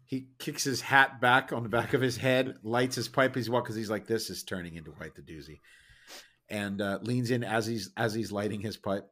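A man's voice: mid-range voice, level tone, normal speed, hardly any pauses, fairly bright tone. A man playing a tabletop game, hesitant and polite in character. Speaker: player. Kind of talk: casual tabletop play.

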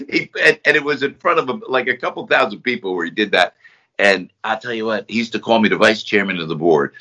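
A middle-aged man from New Jersey, a guest entertainer, telling rambling, animated anecdotes in conversation. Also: deep voice. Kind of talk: conversational storytelling. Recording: slightly dull lo-fi sound.

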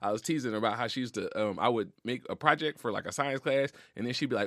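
A man's voice: mid-range voice, fast talker, hardly any pauses, fairly bright tone, no echo. A man as a podcast guest, talking earnestly and emotionally in casual slang, close to tears. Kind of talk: heartfelt casual conversation. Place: recording studio.

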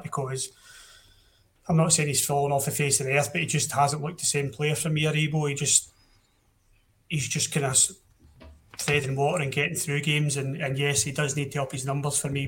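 A man's voice: fairly high pitch, fairly bright tone, slight background noise. A young Scottish man hosting a casual football podcast, blunt and opinionated, often restarting his sentences. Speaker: podcast host.

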